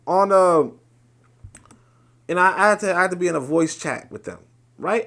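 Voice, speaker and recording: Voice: medium pitch, normal speed, long pauses, fairly bright tone. A commentator reacting to a played clip in a blunt, profane and sarcastic way.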